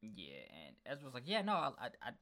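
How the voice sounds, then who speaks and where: A podcast co-host in casual chat about a film, speaking conversationally and often pausing to search for words. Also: mid-range voice, huge pitch swings, a bit bright.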